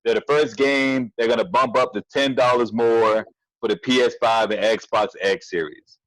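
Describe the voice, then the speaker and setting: A man's voice: mid-range voice, steady tone, normal speed, fairly bright tone, no echo, low-quality recording. A man co-hosting a casual podcast from home over a tablet call, easygoing and slangy. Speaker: podcast co-host. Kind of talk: casual chat.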